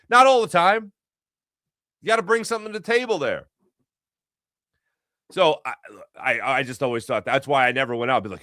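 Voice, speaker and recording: A man hosting a sports show, arguing his point in a fast, animated monologue full of rhetorical questions. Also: high-pitched, no echo, studio quality. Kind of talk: casual sports commentary monologue.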